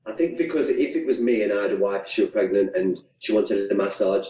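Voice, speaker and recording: A man's voice: on the low side, fairly quick. A male student asking a hesitant, rambling question in class. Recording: roomy, distant, lo-fi classroom mic.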